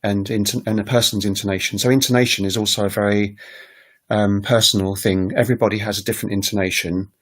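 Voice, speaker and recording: A man's voice: lowish voice, steady tone, fast talker, a bit bright. Rambling man hosting a language livestream. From United Kingdom. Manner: rambling, frequent ums, thinking aloud; self-deprecating asides. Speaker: language learning livestream host. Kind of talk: casual solo livestream talk.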